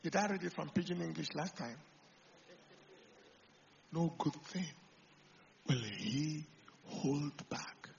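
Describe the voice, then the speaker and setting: Nigerian pastor with a high, gravelly voice. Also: male voice, expressive, takes it slowly, long pauses, muffled recording. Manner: swings from loud preaching to quiet talk, slips into Pidgin. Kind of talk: sermon.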